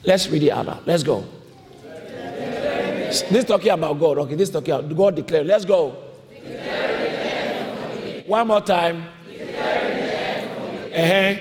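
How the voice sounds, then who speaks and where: A man's voice: fairly high pitch, measured pace, long pauses, crowd noise. A man preaching a sermon, emphatic and repetitive, calling on the congregation to repeat his lines. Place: church hall. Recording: long reverb of a large hall.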